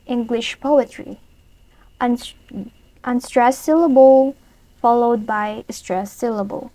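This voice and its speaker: Woman presenter, slow and careful, reading a prepared lesson; dry close mic. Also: fairly high pitch, mellow, dry recording, low-quality recording.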